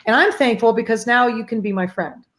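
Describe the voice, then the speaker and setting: A woman with a fairly high voice talks a little fast, hosting a faith-based grief support livestream through a video call. Her manner is casual and warm, greeting viewers by name, with plenty of fillers.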